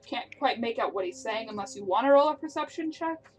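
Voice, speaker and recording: A woman's voice: on the high side, expressive, a little fast, soft background music. A woman narrating as game master of a tabletop game, describing scenes and laughing along with her players.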